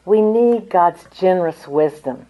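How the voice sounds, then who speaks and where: An older woman giving an earnest, measured Christian teaching talk, reading scripture passages aloud. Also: on the low side, animated, phone-quality sound. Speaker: Christian speaker.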